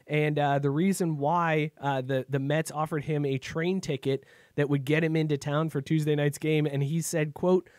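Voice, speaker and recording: Man, podcast co-host, fairly high voice, relaxed, filler-heavy, dry close sound. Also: normal speed, no room sound. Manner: laid-back, many fillers and laughs. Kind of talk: casual chat.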